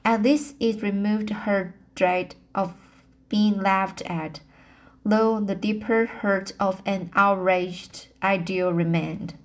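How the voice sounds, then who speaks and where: A woman reading a novel aloud at a very slow pace. She stumbles often, restarting phrases and repeating words as she goes. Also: mid-range voice, steady tone. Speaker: audiobook reader.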